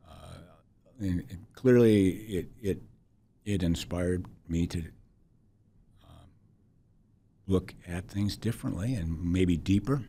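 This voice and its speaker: A man in his sixties, a podcast guest telling a personal story in a halting, reflective way with many restarts. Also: low-pitched, dark tone, breathy edge. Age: 60s.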